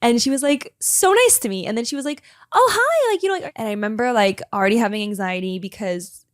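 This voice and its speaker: A young woman telling a personal story in a fast, chatty way, full of filler words and emotion. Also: on the high side, dry recording, studio quality. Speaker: vlogger sharing a personal story. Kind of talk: casual storytelling to camera.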